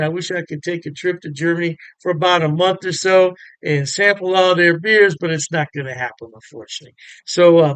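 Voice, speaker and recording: A man hosting a casual beer review, talking straight to his viewers in an upbeat, chatty way with lots of fillers. His voice sits a little high and sounds smooth and clear. The sound is dry, with no room echo. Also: a bit bright.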